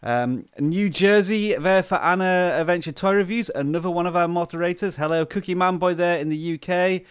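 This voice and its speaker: A man's voice: sits high, normal speed, hardly any pauses, smooth, no echo, clean studio sound. Chatty British man hosting a live stream. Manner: chatty, greets viewers by name. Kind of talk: casual live stream chat. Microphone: close desk microphone.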